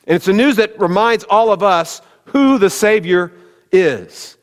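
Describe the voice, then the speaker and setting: A man's voice: sits high, animated, measured pace. A man preaching a sermon as pastor, talking conversationally and speaking directly to his congregation. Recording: long hall reverb.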